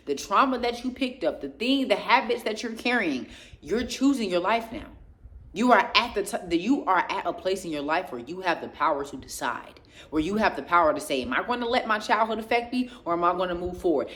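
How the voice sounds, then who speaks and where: A woman giving an emphatic, preachy motivational talk on faith and growth, stacking repeated phrases in rhythmic lists. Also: mid-range voice. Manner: speaks passionately, getting louder, then drops quieter. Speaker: faith and self-growth speaker.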